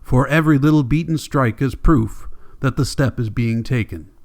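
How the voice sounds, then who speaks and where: A man reading a classic novel aloud as an audiobook narrator, measured and deliberate, with long pauses. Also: medium pitch, darkish tone. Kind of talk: scripted narration.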